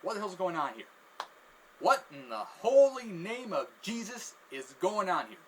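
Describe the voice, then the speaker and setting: A man voicing a baffled cashier who talks raised, loud and incredulous. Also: high voice, sing-song, measured pace, a little hiss or hum, pitched above the performer's own voice, exaggerated voice. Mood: exasperated.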